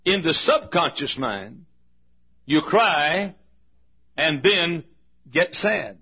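A man preaching a sermon as pastor to his congregation, slow and emphatic, repeating key phrases and urging the listeners to pay attention. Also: on the high side, animated, slightly rough, lo-fi sound. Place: large auditorium.

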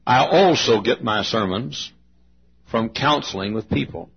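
A man preaching a sermon as pastor to his congregation, slow and emphatic, repeating key phrases and urging the listeners to pay attention. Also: mid-range voice, vocal fry, slightly rough, muffled recording. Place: large auditorium.

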